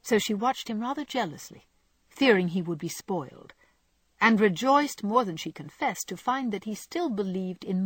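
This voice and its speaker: Husky-voiced woman reading a classic novel. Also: mid-range voice, no room sound. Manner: measured, expressive storytelling. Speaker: audiobook narrator.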